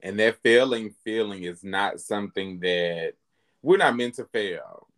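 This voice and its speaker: A man hosting a podcast in a casual, heartfelt chat, speaking candidly and getting animated as he recounts his own thoughts. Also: lowish voice, a little slow. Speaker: podcast host.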